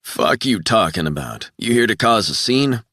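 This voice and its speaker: A man's voice: on the low side, animated, moderate pace, bright, forceful tone, no room sound, clean studio sound, voice pushed up, full character voice. A man putting on a heated burly ex-cop. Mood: suspicious. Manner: profane, heated, raised voice. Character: burly red-faced ex-cop man, emotional, angry.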